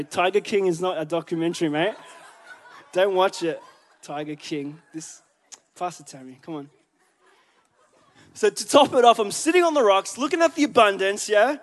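A man preaches in a church with a high voice. He talks in a chatty, joking way and keeps asking the congregation questions. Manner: chatty, joking, asks the crowd. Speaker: pastor. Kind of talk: sermon.

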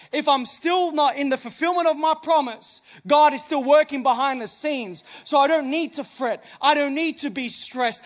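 A man preaching a sermon as pastor on a church stage, emphatic, with many rhetorical questions. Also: extremely high pitch.

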